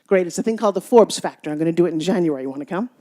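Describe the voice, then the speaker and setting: A woman giving a motivational speech to a live audience, telling stories with playful teasing and swinging between loud bursts and hushed asides. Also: lowish voice, lively intonation, rapid-fire. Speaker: motivational speaker.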